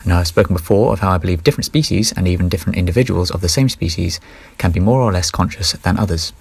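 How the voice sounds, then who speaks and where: A man's voice: deep voice, fast talker, vocal fry, slightly rough, dry recording. A man talking through his ideas in a casual, rambling solo monologue, often correcting himself mid-sentence. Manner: rambling, self-correcting, offhand. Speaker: solo vlogger.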